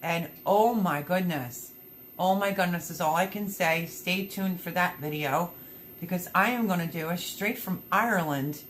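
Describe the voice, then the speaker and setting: A woman with a slightly low voice hosts a relaxed livestream, reading out viewer comments as they arrive. She talks in a chatty, upbeat, rambling way. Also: normal speed, slight background noise. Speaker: livestream host.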